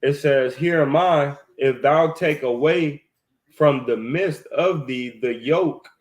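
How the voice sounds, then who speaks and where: Slow, halting man reading scripture. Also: a little high. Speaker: scripture reader in Bible study.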